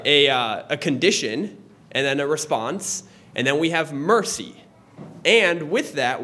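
Young male Sunday school teacher, relaxed and chatty, voice sits a touch high. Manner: conversational, with pauses and restarts. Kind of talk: teaching a church class. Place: church classroom.

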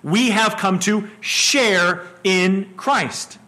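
A middle-aged man preaching a verse-by-verse sermon, his voice pitched high and bright. He stumbles over the first word of a phrase and keeps asking the listeners questions. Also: extremely slow. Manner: repeats words when starting a phrase, asks the room questions. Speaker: pastor. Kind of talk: expository sermon.

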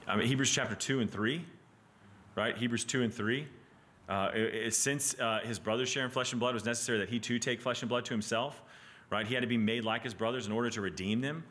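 Bright-voiced man teaching Bible class. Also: mid-range voice, quick pace. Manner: animated, with frequent "right?" and restarts.

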